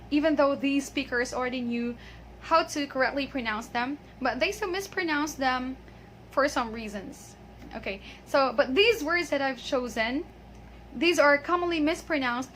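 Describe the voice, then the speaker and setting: A young woman giving an upbeat English pronunciation lesson, often saying okay and slowing down to drill words. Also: high-pitched, sharp tone, slight background noise. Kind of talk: casual video lesson.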